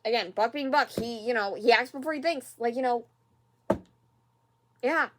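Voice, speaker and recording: Reaction host, rambling casual talk, fillers, exasperated sighs, fairly high voice. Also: female voice, unhurried, noisy background. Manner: rambling, many fillers and repeats; exasperated, sighing at the screen.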